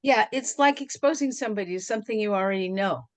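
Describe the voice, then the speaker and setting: A woman student asking questions in a language class and thinking out loud. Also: mid-range voice, fast talker. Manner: inquisitive, thinks aloud. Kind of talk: class discussion.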